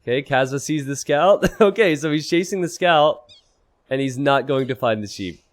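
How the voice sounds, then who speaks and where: A man casting a strategy video game match, an animated commentator who breaks into loud, high-pitched disbelief and laughter. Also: moderate pace. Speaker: game caster. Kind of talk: esports commentary.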